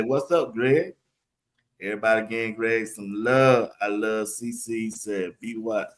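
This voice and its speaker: A man hosting a live sports talk stream, firing off casual shout-outs to the chat and laughing often. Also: medium pitch. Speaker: live show host.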